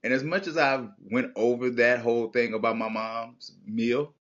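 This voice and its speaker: A man talks through childhood memories as a podcast guest, reflective and then animated, in a mid-pitched voice. The audio is a touch dull and lo-fi. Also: normal speed. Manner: storytelling, reflective, animated when recalling childhood. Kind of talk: casual heartfelt conversation.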